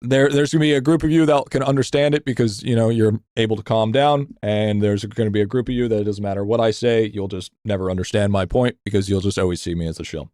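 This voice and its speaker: A man's voice: fast talker, hardly any pauses, no room sound, studio quality. A young man live-streaming a game, ranting casually with lots of swearing, stammered restarts and repeated phrases, his voice climbing when he vents. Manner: profane, rambling, repeats himself with stammered restarts; animated, voice jumps higher when venting. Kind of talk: casual live-stream rant, reading chat.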